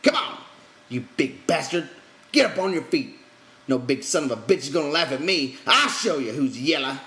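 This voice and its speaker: A man voicing a small, hot-tempered young man who shouts snarling threats. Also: on the high side, animated, normal speed, voice pushed up. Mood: furious.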